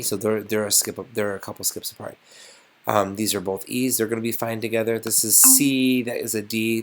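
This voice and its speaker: A man's voice: lowish voice, fairly bright tone. A man teaching a casual music lesson, thinking aloud and getting enthusiastic as he composes.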